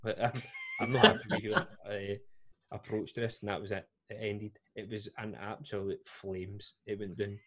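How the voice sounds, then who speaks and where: A man's voice: lowish voice, little pitch movement, normal speed, noisy background. A young Scottish man on a podcast, spinning a long, rambling anecdote. He mocks himself and keeps breaking into laughter. Casual chat between friends. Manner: rambling, self-mocking, laughing through anecdotes. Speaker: podcast co-host.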